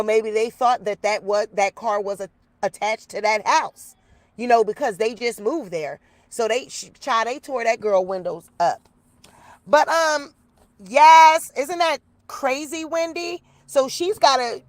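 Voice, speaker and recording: Recorded outdoors in the rain with no echo, a YouTuber with a voice on the high side tells her viewers a story at an unhurried pace. She's chatty and animated, speaking to them as y'all.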